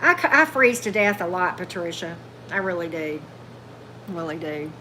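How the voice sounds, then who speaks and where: A woman's voice: fairly low pitch, expressive, normal speed, pushed and bright, a little hiss or hum, rough recording. A woman hosting a tarot livestream, chatting loosely and answering viewer comments as they come in. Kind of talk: casual livestream chat with viewers.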